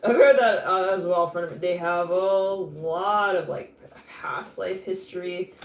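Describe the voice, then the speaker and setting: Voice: medium pitch, a little slow. A tarot reader giving a live intuitive reading in a chatty, rambling way, laughing often and restarting thoughts. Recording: roomy echo with faint background noise.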